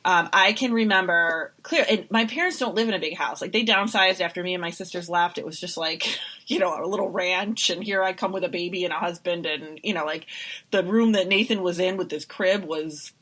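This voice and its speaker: A middle-aged woman co-hosting a podcast, telling a personal story in a chatty, animated way with many fillers. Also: lowish voice, brisk. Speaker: podcast co-host. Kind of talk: casual podcast chat.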